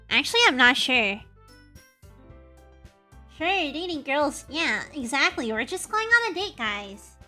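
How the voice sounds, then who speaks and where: A woman's voice: high-pitched, bright, forceful tone. A woman streaming a game, chatting casually with her viewers, greeting them by name and teasing herself. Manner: chatty, self-mocking, greets chat by name; playful, hums and makes silly noises. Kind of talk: casual live-stream chat.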